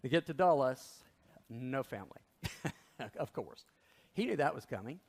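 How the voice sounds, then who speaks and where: A pastor relates a sermon story with animation, his mid-pitched voice creaky and husky. He takes his time, and the sound echoes with the long reverb of a big church.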